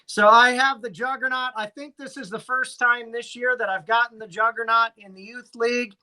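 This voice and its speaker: A man's voice: extremely high pitch, fairly even intonation, normal speed, sharp tone. A man co-hosting a casual fantasy sports podcast, recapping matchups in a dry, teasing announcer manner. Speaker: podcast co-host.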